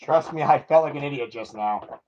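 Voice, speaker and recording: A man's voice: mid-range voice, moderate pace, highs cut off, background noise. A man chatting casually while unboxing a collectible toy car, self-mocking and laughing at himself.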